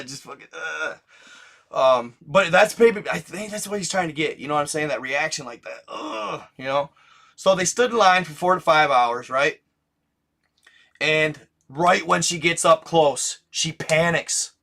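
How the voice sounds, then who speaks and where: A man's voice: on the high side, fairly bright tone. Young male channel host with a slightly raised voice, talking off the cuff in cursing, restart-heavy slang. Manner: profane, slangy, lots of "dude" and restarts. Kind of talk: casual rambling monologue.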